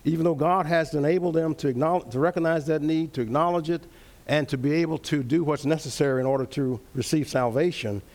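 A man's voice: on the high side, a little mellow. Earnest man teaching a Bible study. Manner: earnest, repeats phrases, reads verses slowly.

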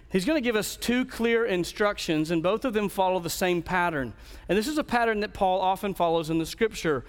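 A man preaches an earnest expository sermon, often restarting his phrases. His voice sits a little high for a man. Long reverb trails after him through the hall. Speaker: pastor.

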